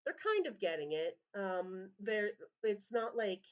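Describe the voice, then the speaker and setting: Hesitant woman game master, slow unhurried narration, slightly dull lo-fi sound. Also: mid-range voice, big pitch swings. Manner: hesitant, many ums and restarts. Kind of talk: narrating a tabletop role-play game.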